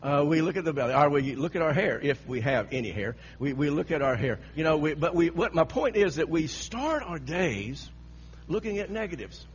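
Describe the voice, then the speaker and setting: A man's voice: a little high, expressive, moderate pace. A man preaching a sermon, telling a story with frequent laughter and repeated phrases, on a dull lo-fi recording with a faint hum.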